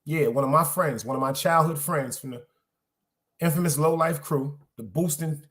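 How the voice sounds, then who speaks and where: A man's voice: on the high side, moderate pace, fairly bright tone. A middle-aged man, hosting a podcast in loose, streetwise solo chat, repeating phrases for emphasis. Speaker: podcast host. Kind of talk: casual solo livestream chat.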